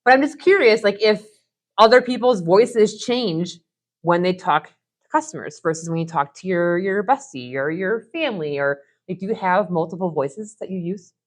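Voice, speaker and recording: A woman's voice: fairly low pitch, expressive, moderate pace. A woman in her thirties co-hosting a podcast, bubbly and giggly in casual chat. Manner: bubbly and giggly, many "like" fillers.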